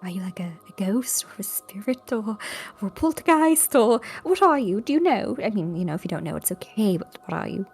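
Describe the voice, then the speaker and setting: A woman's voice: mid-range voice, expressive, fairly quick, breathy edge, faint music behind. A woman playing a tabletop game, chatting casually and wryly with lots of fillers. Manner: wry, rambling, with many fillers. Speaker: player.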